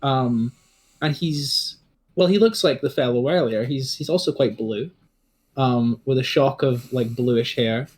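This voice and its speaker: A man's voice: mid-range voice, measured pace, a little mellow. A man narrating a tabletop game as game master, rambling with many fillers and restarts.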